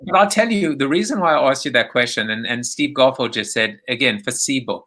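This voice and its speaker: A man hosts a casual live video chat with a bright, forceful voice. He rambles and jokes, reading viewer comments aloud as he goes. He comes through a video call. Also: mid-range voice, a little fast. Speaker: live show host.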